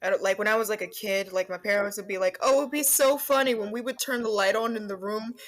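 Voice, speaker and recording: A woman co-hosting a podcast, telling stories casually with a wry, deadpan manner. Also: mid-range voice, fast talker, poor audio. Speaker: podcast co-host. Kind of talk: casual chat.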